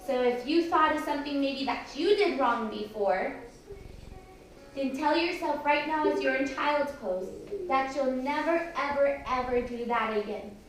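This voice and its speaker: A woman teaching yoga to preschool children, gently coaxing them through poses and telling a simple story. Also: high-pitched, unhurried, a little hiss or hum. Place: preschool classroom. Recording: echoey room, far from mic, music behind.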